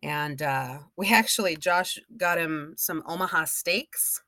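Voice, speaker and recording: A woman with a notably low voice chats in a laid-back way on a podcast and laughs easily. The sound is close and dry, with no reverb. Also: unhurried. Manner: laid-back, laughs a lot, warm listener. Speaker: podcast co-host. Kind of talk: casual chat.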